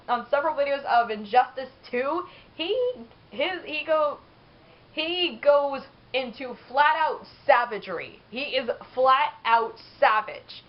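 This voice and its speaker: A woman's voice: a little high, muffled recording. A woman giving casual, rambling gameplay commentary, chatty and laughing often.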